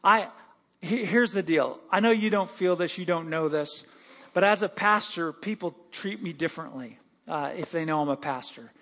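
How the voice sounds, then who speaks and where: A man with a high, light voice preaching in a church, lively and playful as he tells stories and acts out what people say. His delivery swings between loud bursts and quieter asides. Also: moderate pace. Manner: animated, joking, lively storytelling with acted-out quotes. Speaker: pastor. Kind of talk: sermon. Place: church sanctuary.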